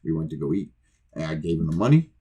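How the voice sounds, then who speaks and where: Podcast co-host, low voice, casual swearing storyteller who plays every part of his anecdotes himself. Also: sing-song, fast talker, mellow, husky. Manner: profane, rambling, acts out both sides of conversations.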